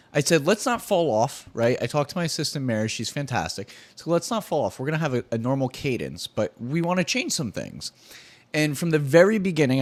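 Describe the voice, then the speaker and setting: A man hosting his own podcast, talking solo in a candid, rambling, profane and self-deprecating way. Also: medium pitch. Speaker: podcast host.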